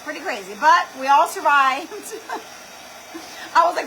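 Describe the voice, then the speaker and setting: A woman's voice: sits high, normal speed, long pauses, slight background noise, poor audio. A woman hosting a craft livestream, chatting animatedly and dramatically, full of "like"s. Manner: animated, dramatic storytelling with lots of "like". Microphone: computer or camera mic for a live stream.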